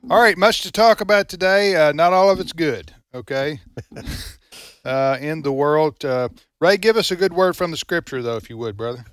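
A man's voice: fairly high pitch, expressive, moderate pace, smooth, no room sound, clean studio sound. A man hosting a morning radio talk show, joking loosely with his co-hosts and using fillers. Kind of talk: casual morning radio chat.

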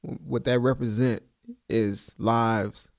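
A man's voice: mid-range voice, steady tone, slow, creaky. A man co-hosting a radio talk show, chiming in with short agreeing remarks. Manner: brief agreeing interjections. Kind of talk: casual talk radio chat.

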